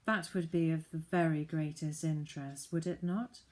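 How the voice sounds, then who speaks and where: A woman's voice: deep voice, steady tone, normal speed, a little mellow, lightly acted. Woman reading as a menacing, falsely polite prince. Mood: silkily threatening. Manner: courteous with a threatening edge.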